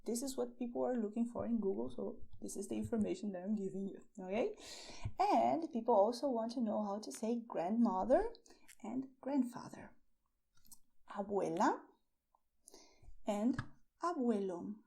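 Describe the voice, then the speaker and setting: A woman's voice: a little high, animated, vocal fry, dark tone. A woman teaching beginner words, repeating each one and often checking with "okay?". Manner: slow, repeats words, ends points with "okay?". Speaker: Spanish teacher. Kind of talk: beginner language lesson.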